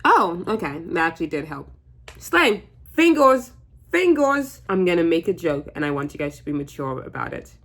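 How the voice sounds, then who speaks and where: Casual young woman doing her makeup on camera, chatty, jokey, kinda rambly, lowish voice. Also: quick pace, few pauses. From United States. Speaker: beauty vlogger. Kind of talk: casual makeup tutorial chat.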